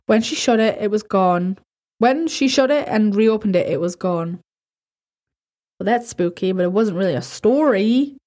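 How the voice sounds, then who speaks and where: A woman's voice: mid-range voice, mellow. A woman hosting a podcast, casually reading listener horror stories aloud, stumbling and correcting herself and swearing offhand. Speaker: podcast host.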